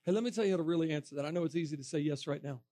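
A man preaching to a room of students, telling a story with lively acted-out quotes and bursts of laughter. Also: fairly high pitch, very fast, no echo. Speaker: evangelist speaking to students. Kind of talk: storytelling sermon.

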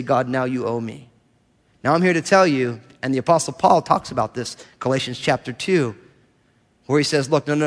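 Animated preaching man in a reverberant hall. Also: fairly high pitch. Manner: animated preaching, acts out voices of churchgoers. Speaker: pastor. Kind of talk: sermon.

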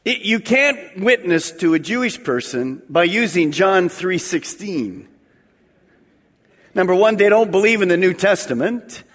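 Male pastor preaching, high and very lively voice, church hall reverb. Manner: animated preaching, acting out voices, call-and-response with the congregation. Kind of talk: sermon. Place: church sanctuary.

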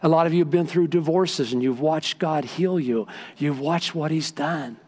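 An older male pastor delivers a sermon in a church, his voice sitting a touch higher than most men's. He tells stories with animated energy, rising to loud emphatic peaks and then dropping to near-hushed moments. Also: moderate pace. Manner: animated storytelling preacher, swings from loud to hushed. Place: church sanctuary.

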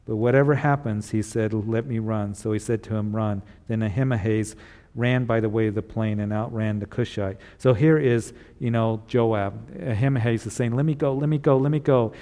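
A man preaching a sermon, reading scripture and retelling it in casual words, then gently encouraging his listeners. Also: lowish voice, steady tone, moderate pace, long reverb tail. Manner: retells scripture in casual paraphrase with acted voices; earnest, encouraging. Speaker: pastor.

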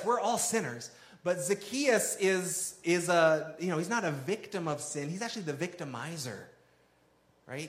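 A man's voice: fairly high pitch, a bit bright, reverberant. A man preaching a sermon in a conversational way, acting out quoted lines with drama. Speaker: pastor.

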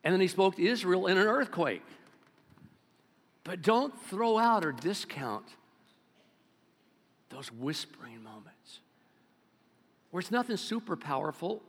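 A man in his seventies preaching a sermon as pastor, swinging between loud exclamations and hushed low-key talk. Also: animated, moderate pace. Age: 70s. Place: church sanctuary. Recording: long reverb of a church hall.

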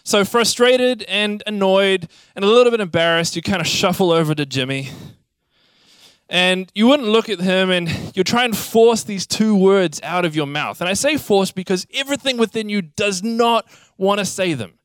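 A young man preaching a sermon, telling childhood stories in a lively, animated way. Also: sits high, normal speed, clean tone, no echo, studio quality. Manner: animated storytelling, acts out childhood scenes. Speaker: pastor.

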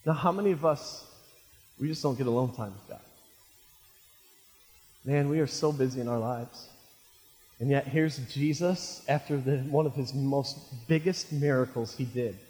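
A male pastor preaching a sermon, animated and jokey, calling his listeners friends. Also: medium pitch. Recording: reverberant hall.

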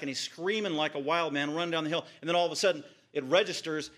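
Male pastor preaching, bright and slightly high voice, dramatic swings between hushed and exclaimed lines, repeats phrases for vivid effect. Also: fairly even intonation, fast talker, few pauses. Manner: retells scripture vividly, piling up repeated phrases. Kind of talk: expository sermon.

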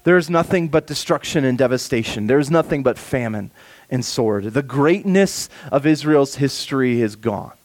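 A man preaching a sermon, reading scripture slowly and softly, then rising for emphasis. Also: mid-range voice. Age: adult with children. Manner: expressive preaching, slows and softens for scripture, rises for emphasis. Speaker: pastor.

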